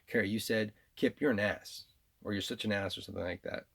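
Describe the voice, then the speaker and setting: A man speaks with a New York accent in a low, gravelly voice. He rambles through a long monologue to people who are not there. He circles back and repeats phrases often. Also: fast. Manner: rambling and repetitive, with frequent restarts and laughs. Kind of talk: rambling spoken monologue addressed to absent listeners.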